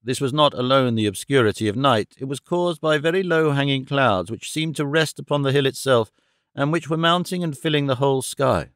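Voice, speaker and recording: A man reading a classic novel aloud as an audiobook narrator, in a measured, formal storytelling manner. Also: medium pitch, fairly bright tone, clear, resonant tone, no room sound, clean studio sound. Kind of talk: scripted narration.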